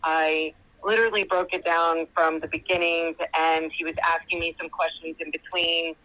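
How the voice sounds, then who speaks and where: A woman's voice: deep voice, flat delivery, normal speed, sharp tone, rough recording. A woman calling in to a show by phone, chatting and retelling a long conversation as she quotes others at length. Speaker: caller. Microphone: phone call.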